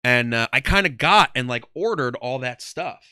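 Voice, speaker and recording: A man's voice: mid-range voice, expressive, normal speed, sharp tone, clear, resonant tone, no room sound, clean studio sound. A man in his thirties, a comedian, talking casually in an interview, rambling with lots of "um" and "like". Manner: rambling, heavy on "um" and "like". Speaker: guest, comedian and former ring announcer.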